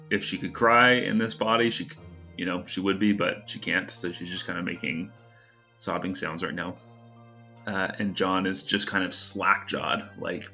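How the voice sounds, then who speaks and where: A man's voice: sits low, gravelly, sharp tone. A man narrating as game master of a tabletop game, casual and hesitant, with many fillers.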